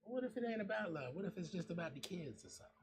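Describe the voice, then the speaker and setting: High-voiced man telling loose stories. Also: very animated, racing. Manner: loose slangy storytelling, laughs often. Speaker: podcast host. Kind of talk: casual chat.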